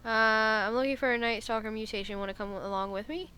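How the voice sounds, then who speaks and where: A woman's voice: medium pitch, quick pace, noisy background. A woman streamer giving casual, joking gameplay commentary and laughing often. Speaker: game streamer.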